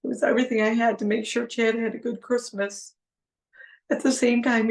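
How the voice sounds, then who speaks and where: A woman's voice: fairly high pitch, level tone, moderate pace, vocal fry, a little mellow. A middle-aged woman hosting a heartfelt solo podcast, talking earnestly and pleading, repeating phrases for emphasis. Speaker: podcast host.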